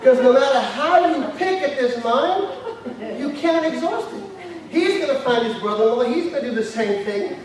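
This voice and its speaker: Brief: man in his 50s, high-pitched stage speaker, heard from far off in a big hall with a crowd. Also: normal speed, slight background noise. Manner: animated, shouting, laughing while talking. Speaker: motivational speaker. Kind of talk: storytelling seminar talk. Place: large hall with a live audience.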